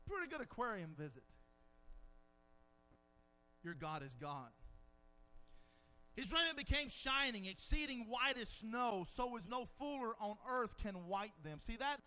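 A man preaching a sermon, dramatizing scenes with quoted dialogue and swinging from hushed lines to shouted peaks. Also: very high-pitched, sing-song, measured pace, long pauses.

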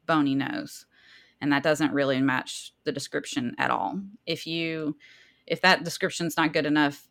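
A woman with a Southern accent and a low, slightly bright voice co-hosts a podcast. She chats casually while reading out her research, laughs easily, and stumbles over hard words.

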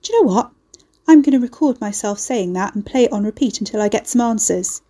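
A woman voicing a broke, frazzled young woman who is exasperated, sharp and swears freely. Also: a little high, expressive, a little fast.

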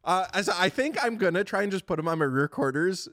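Casting note: lively male podcast co-host, a bit high-pitched, swears freely, laughs mid-story. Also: brisk. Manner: animated, swearing, laughing through a funny story. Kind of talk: casual chat.

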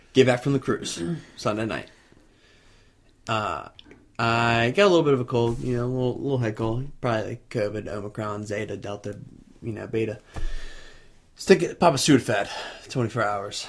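A man chats casually on a video podcast set, telling a story from his own life. His pitch climbs and dips a lot, and he keeps breaking into laughter as he talks. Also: lively intonation, normal speed, long pauses, a bit bright. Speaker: podcast co-host.

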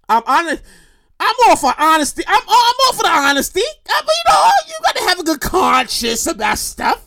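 Woman vlogger, high and swooping voice, profane exasperated rant, shouts often. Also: sing-song, normal speed, vocal fry, very noisy. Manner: acts out others in quoted voices. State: getting breathless, pausing to calm down. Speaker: commentary vlogger. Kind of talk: ranting comedic news commentary.

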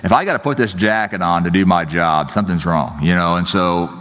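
A pastor preaches a sermon, telling stories in a casual, joking way and often saying "you know, like." He has a low, fairly bright voice and a brisk pace, and the recording carries a long hall reverb.

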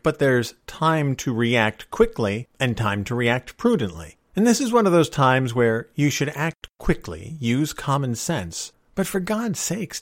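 Folksy man with a lively voice. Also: mid-range voice, no echo, studio quality. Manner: folksy, opinionated, wry. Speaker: podcast host. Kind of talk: solo podcast monologue.

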